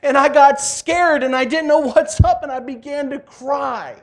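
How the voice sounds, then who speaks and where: A man in his forties giving a passionate personal testimony in church, swinging between loud cries and hushed tones. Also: very high-pitched, measured pace.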